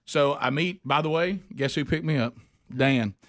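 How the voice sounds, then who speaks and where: A man with an Alabama accent, a loud and gregarious radio host telling a story on air. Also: on the high side, moderate pace. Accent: Southern US, Alabama. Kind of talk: animated storytelling on a radio show.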